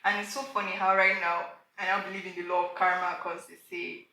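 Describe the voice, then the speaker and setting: A woman's voice: fairly low pitch, little pitch movement, brisk, sharp tone. A woman playing a taunting, bitter young woman. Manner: taunting, self-satisfied, mocking. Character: bitter young woman confronting an old tormentor. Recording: very echoey room, mic at a distance.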